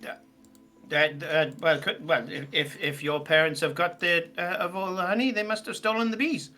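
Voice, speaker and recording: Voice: mid-range voice, fairly even intonation, moderate pace, sharp tone, soft background music, natural voice. A player voicing a nervous male bear in a tabletop game, stumbling and repeating words. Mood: deadpan. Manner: stammering, hesitant. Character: anxious male bear, stammering forager.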